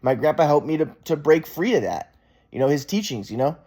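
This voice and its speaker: A man's voice: fairly high pitch, very animated, fairly quick, dark tone, slightly rough. A man in a rambling, casual monologue, often restarting and repeating himself, frustrated and swearing.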